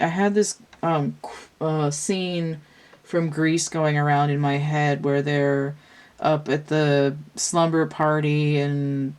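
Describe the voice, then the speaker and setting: A woman with a low, deep voice reads tarot cards in a casual, unscripted way. She thinks aloud as she goes, wandering and restarting her sentences. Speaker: tarot reader. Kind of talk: casual tarot reading talk.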